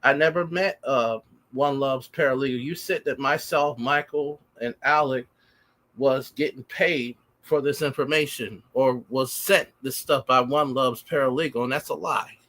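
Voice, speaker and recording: Man, livestream guest, bright tense voice, defensive and aggrieved, rambling. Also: mid-range voice, steady tone, moderate pace. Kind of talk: casual livestream talk.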